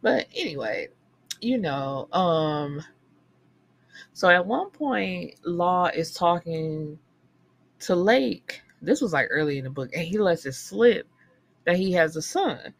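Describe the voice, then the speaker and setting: Animated profane woman recapping a book. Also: on the low side, takes it slowly, vocal fry. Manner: animated storytelling, profane, swings into character quotes. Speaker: book podcast host.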